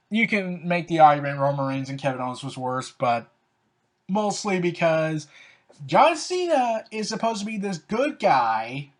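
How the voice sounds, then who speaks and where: In casual opinion commentary, a fan riffs on wrestling storylines loosely and without a script. His medium-pitched delivery is sarcastic and plainly exasperated, padded with fillers like "so, yeah" and "like."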